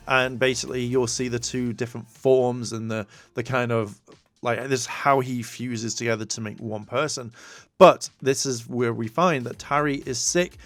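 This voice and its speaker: Recapping a TV episode in a mid-range, somewhat bright voice, this reviewer keeps things casual and meandering. Fillers and restarts pile up, and he acts out lines from the show.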